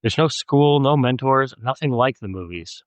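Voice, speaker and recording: A man reading an audiobook, voicing a calm, protective young man who speaks in a firm, steadying way. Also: mid-range voice, normal speed, no room sound, highs cut off, voice pushed up, lightly acted.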